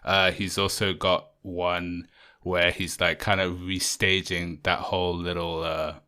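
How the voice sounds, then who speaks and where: Male podcast co-host, deep but bright voice, loose and rambling, full of "like" and "um.". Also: little pitch movement, measured pace. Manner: rambling, many fillers and restarts. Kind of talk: casual chat.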